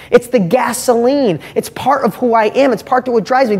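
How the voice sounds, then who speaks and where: A man's voice: very high-pitched, normal speed, hardly any pauses, darkish tone, slightly rough, long reverb tail. A middle-aged man hosting a motivational live stream, talking in an emphatic, heartfelt way and pressing listeners with rhetorical questions. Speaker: host.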